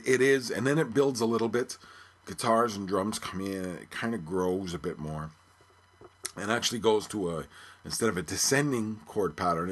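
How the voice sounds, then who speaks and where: A man's voice: fairly low pitch, breathy edge. A man hosting a podcast, thinking aloud in casual music commentary. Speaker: podcast host.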